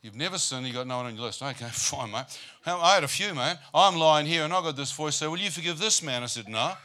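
Bright-voiced preacher telling his story. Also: mid-range voice, expressive, fast. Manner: humorous, asks the crowd rhetorical "how many know" questions. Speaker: preacher giving his testimony. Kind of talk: storytelling sermon.

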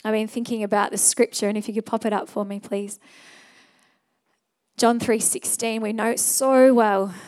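A young adult woman preaching a sermon in an earnest, conversational way, moving into a quiet prayer and altar call. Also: a little high, fairly even intonation, moderate pace. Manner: earnest, conversational, fillers and restarts.

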